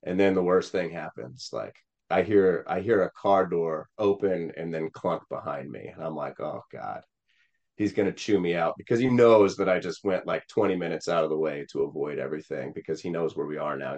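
A man's voice: low voice, fairly quick, few pauses, a little mellow, dull audio. A man from Missouri, a political candidate, telling a personal story in an interview in an earnest, rambling way. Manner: earnest, many fillers and restarts.

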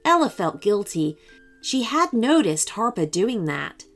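A woman narrating a children's bedtime story in an expressive, storytelling manner. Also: medium pitch, measured pace, faint music behind.

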